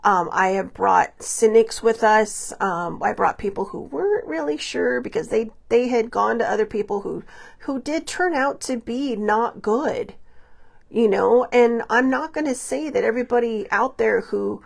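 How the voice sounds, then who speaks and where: A woman's voice: a little high, measured pace, creaky. A woman hosting her own podcast, talking through personal stories in a rambling, confiding way, full of fillers and restarts, and acting out quoted dialogue. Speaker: podcast host. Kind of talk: personal reflective monologue.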